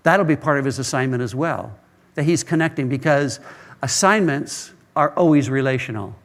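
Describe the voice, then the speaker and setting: A man's voice: mid-range voice, normal speed. A male pastor preaching a sermon, telling stories earnestly and often repeating words as he starts a phrase.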